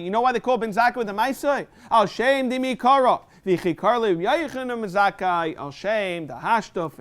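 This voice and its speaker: A man teaching a Talmud lesson in a synagogue, reading Aramaic text and explaining it in English with quick rhetorical questions. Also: sits high.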